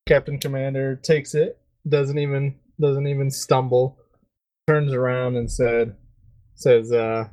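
Halting male podcast co-host. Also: mid-range voice, level tone, a little mellow, poor audio. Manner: halting narration with many fillers. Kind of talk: comedic improvised storytelling.

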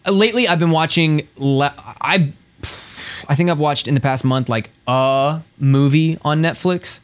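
A man's voice: a little high, clean tone. A man co-hosting a casual chat podcast, rambling and correcting himself as he talks. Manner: rambling, self-correcting, quick bursts. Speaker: podcast co-host.

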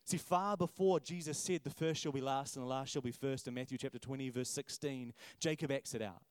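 A man in his thirties preaching a sermon, animated and acting out voices. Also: mid-range voice, brisk, smooth, dry recording. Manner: animated, acts out quoted voices, repeats words when emphatic. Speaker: pastor.

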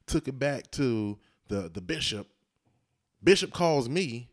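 A man's voice: mid-range voice, very animated, takes it slowly. A man in casual conversation, animatedly telling a story and acting out the voices of the people in it. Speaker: husband telling his story.

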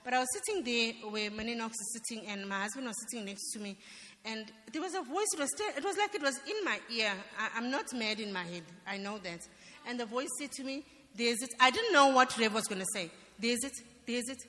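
A woman's voice: on the high side, animated, fairly quick, sharp tone. A woman in church giving an earnest, emphatic personal testimony. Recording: long reverb of a church hall.

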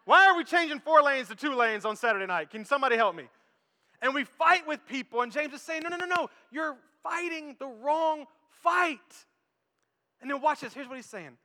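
A man preaching a sermon, telling a story and acting out the people in it with lively energy. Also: extremely high pitch, moderate pace. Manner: storytelling, animated, acts out quotes. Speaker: pastor. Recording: long hall reverb.

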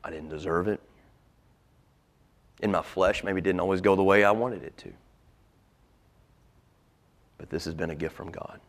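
Man doing a contented male prophet, earnest, very low voice, hushed. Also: normal speed, long pauses. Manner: earnest, drops to near-whispers. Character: a humble, contented male prophet speaking of Christ. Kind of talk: first-person sermon portrayal.

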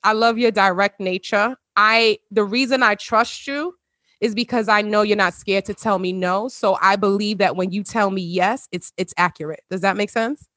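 A woman hosts a casual conversation with close friends over a video call. She talks in a heartfelt, emotional way and laughs often. Her voice sounds dry and close, at a middle pitch. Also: moderate pace, fairly bright tone, no room sound. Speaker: podcast host.

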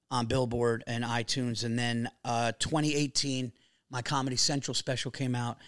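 A man, a comedian telling stories on a podcast, animated and swearing freely. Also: medium pitch, dry recording, studio quality. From New York. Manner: animated storyteller, swears freely, acts out quotes. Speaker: comedian guest. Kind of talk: casual podcast chat.

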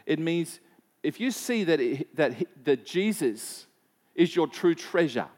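Pastor guy preaching, kinda high voice, chatty, lots of um and you know, asks the crowd stuff. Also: expressive, slow pace, a little mellow. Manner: conversational, rhetorical questions to the congregation; personal anecdotes, frequent repeats and fillers. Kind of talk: sermon.

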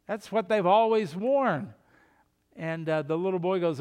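High-voiced pastor preaching in a reverberant hall. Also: male voice, normal speed. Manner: earnest, urging, with sudden loud emphasis. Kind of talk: sermon.

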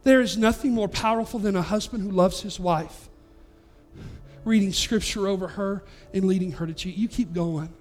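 A male pastor with a very high speaking voice preaches through a story. He talks earnestly and conversationally, often restarting his phrases, and faint music sits behind him. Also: moderate pace, darkish tone. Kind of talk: storytelling sermon.

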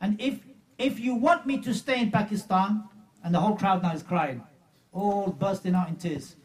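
A man's voice: high-pitched, normal speed, distant mic. A man preaching a sermon, emphatic and mocking as he retells a story.

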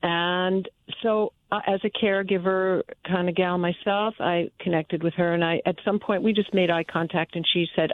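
A woman calling in to a radio show and telling a personal story in an earnest, halting way, often restarting her sentences. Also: lowish voice, steady tone. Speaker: caller. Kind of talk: phone-in storytelling. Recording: tinny phone line.

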